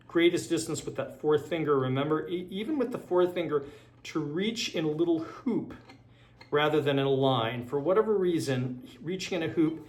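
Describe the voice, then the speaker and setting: A man with a slightly high, somewhat mellow voice gives an online violin lesson, explaining technique with lots of fillers. He counts beats and calls out rhythms aloud as he plays, with violin sounding in the background.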